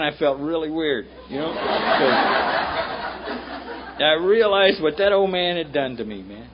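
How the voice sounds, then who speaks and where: A man with a Southern American accent, speaking bluntly and with profanity at a recovery meeting. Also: high-pitched. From United States. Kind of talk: storytelling talk at a meeting. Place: meeting room. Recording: muffled old tape with faint hiss.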